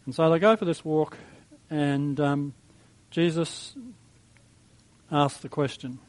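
A man preaching a sermon in a conversational, reflective way, with soft chuckles. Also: on the high side, steady tone, slow, rough recording. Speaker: pastor.

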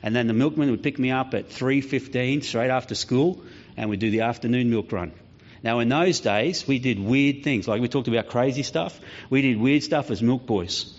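A man's voice: medium pitch, moderate pace. A man preaching a sermon, telling stories and acting out voices along the way. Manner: storytelling preacher, acts out voices, lively. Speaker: pastor. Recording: slightly dull lo-fi sound.

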